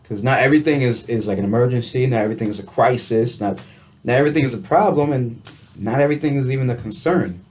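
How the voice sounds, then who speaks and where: A man in a casual self-help vlog, thinking out loud at an ordinary pitch. He circles back on himself, restarting phrases and leaning on "you know" and "right?" as he works his ideas out. His tone stays reflective, with a light laugh slipping in now and then. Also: fast. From United States. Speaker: vlogger.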